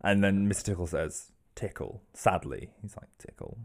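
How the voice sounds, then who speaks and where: Low-voiced deadpan comedy man. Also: normal speed. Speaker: podcast co-host. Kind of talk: improvised comedy storytelling.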